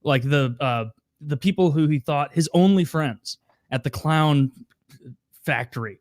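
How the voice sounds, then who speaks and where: Man, podcast co-host, casual movie chat, slightly high voice, dry mic. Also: a little slow, no room sound. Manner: animated storyteller, acts out scenes with laughs.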